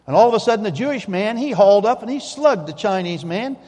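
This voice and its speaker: Guy preaching a sermon, kinda high voice, homey and punchy, big echoey church sound. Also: animated, fast talker, a little mellow. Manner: folksy, emphatic, repeats key phrases. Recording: long hall reverb.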